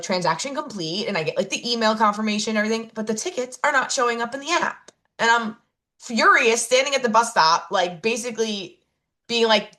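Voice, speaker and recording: A woman's voice: mid-range voice, sharp tone. Woman, podcast co-host, casual chat, rambling storytelling, fillers and self-corrections, laughs at herself. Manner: laughs at herself while telling stories.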